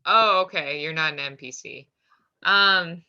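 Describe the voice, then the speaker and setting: A player at a tabletop game over a video call who asks wry, deadpan questions. The voice is very bright and sharp. The audio comes through dull and muffled. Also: mid-range voice, measured pace, clean tone. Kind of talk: casual tabletop play.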